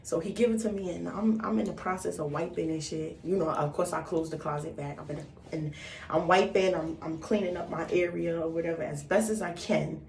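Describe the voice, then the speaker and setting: A vlogger in her twenties tells a casual story in a loose, animated style, cursing freely and acting out what people said. Her low, gravelly voice moves a little fast. She seems somewhat distant from the mic in an echoey room, with faint noise in the background.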